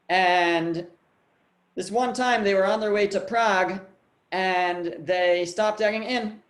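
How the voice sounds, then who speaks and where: Male rabbi lecturing through a story, stop-start, with a reverberant room around him. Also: high voice. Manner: halting, many restarts and repeated words. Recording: echoey room.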